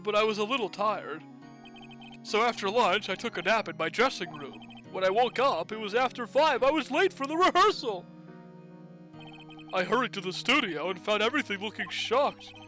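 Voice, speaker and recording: An earnest, timid young male actor, read out by a man. The voice is bright and lively in pitch. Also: normal speed, faint music behind.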